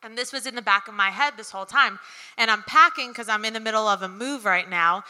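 A young woman tells a story to a live crowd in a loose, chatty way, scattering ums and likes. Her voice is strikingly bright and a bit high. The sound carries a long hall reverb. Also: brisk. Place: event venue with audience.

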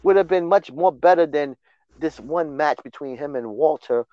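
A man hosting a casual wrestling recap podcast, excitable and full of restarts. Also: a little high, normal speed, no echo, dull audio. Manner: excitable, repetitive, stumbling restarts. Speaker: podcast host.

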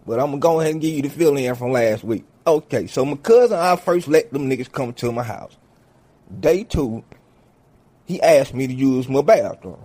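Animated, husky male storyteller; profane comic delivery, lively pitch. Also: moderate pace. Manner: swears heavily, animated, acts out each character.

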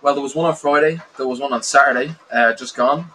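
A man co-hosting a casual podcast, laid-back and quick to laugh. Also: mid-range voice, sharp tone, husky, poor audio. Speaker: podcast co-host.

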